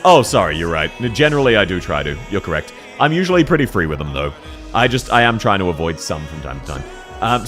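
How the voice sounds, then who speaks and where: A young man casually chatting on a livestream, frank and quick to laugh, answering his viewers while he has the hiccups. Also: fairly low pitch, fairly bright tone. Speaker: streamer.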